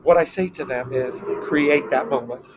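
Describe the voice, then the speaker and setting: A middle-aged man from South Texas, a guest telling a personal story, teary and animated as he acts out the quotes. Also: mid-range voice, moderate pace, noisy background. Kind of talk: emotional interview storytelling.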